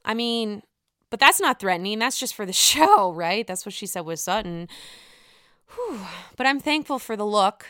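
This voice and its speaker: A woman's voice: mid-range voice, sing-song, normal speed, pushed and bright, smooth, no room sound, studio quality. A woman giving casual solo commentary as a reality TV fan, chatty, gushing and freely swearing.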